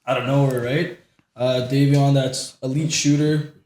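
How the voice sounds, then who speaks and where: Male panelist, relaxed, roomy echo with a crowd behind. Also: medium pitch, a little slow. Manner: laid-back, lots of "like". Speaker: player and panelist. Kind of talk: casual sports chat. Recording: echoey room with crowd noise.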